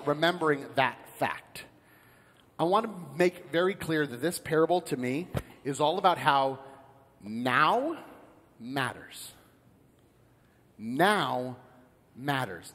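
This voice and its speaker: A medium-pitched American man preaches a sermon as a pastor in a large church sanctuary. He tells stories in an animated way and acts out the characters of a joke.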